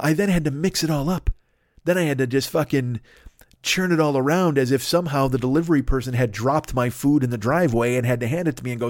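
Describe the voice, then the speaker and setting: A man's voice: mid-range voice, no room sound, clean studio sound. Profane rambling man hosting a podcast. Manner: profane, rambling, tangent-driven rant. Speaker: podcast host. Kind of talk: comedic solo monologue.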